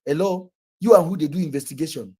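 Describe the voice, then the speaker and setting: A man's voice: on the high side, fast, a little mellow, breathy edge. A man with a Nigerian accent, hosting a podcast and telling stories in a blunt, boastful way with frequent swearing. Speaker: podcast host. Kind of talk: casual storytelling chat.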